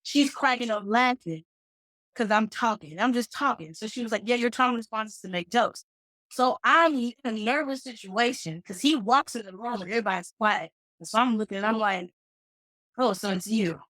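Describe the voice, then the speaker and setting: A woman in her thirties from Dallas, a comedian guest telling a story in a casual, animated interview over a call. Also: on the high side, brisk, no echo, rough recording. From Dallas, Texas. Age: 30s. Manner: joking, animated storyteller with playful asides. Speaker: guest, comedian and flight attendant. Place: remote call.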